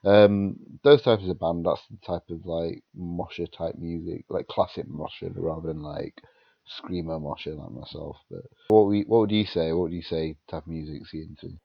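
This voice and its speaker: A man's voice: low-pitched, steady tone, moderate pace, gravelly, slightly rough, dry recording, dull audio. A British man co-hosting a podcast in casual chat, rambling through sweary anecdotes with many restarts, and sounding tired. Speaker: podcast co-host.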